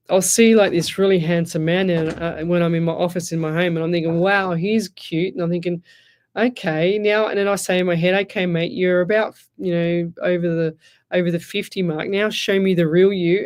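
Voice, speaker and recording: A woman's voice: lowish voice, a little mellow. Chatty Australian woman doing a radio reading. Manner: chatty, rambling, laughs often while telling stories. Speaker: psychic medium radio host. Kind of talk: live radio reading, casual chat.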